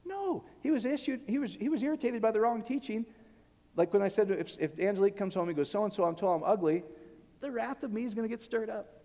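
A man delivers a sermon with animated energy, jumping between loud, emphatic bursts and quiet, intimate asides. His voice sits a little higher than most men's. The sound rings with a long reverb, like a big hall. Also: fast. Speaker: preacher.

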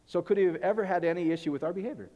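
A man delivers a sermon with animated energy, jumping between loud, emphatic bursts and quiet, intimate asides. His voice sits a little higher than most men's. The sound rings with a long reverb, like a big hall. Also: racing. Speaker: preacher.

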